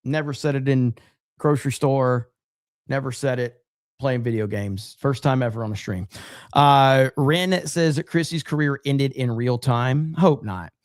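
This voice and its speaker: A man's voice: mid-range voice, unhurried, no echo, studio quality. A male livestream host reading super chats aloud in casual chat, swearing freely and laughing often.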